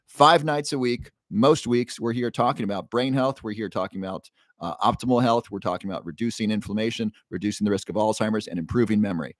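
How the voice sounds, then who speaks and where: A man hosting a casual livestream, greeting viewers from the chat by name and pitching a supplement with upbeat energy. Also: fast, no room sound, clean studio sound. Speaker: livestream host.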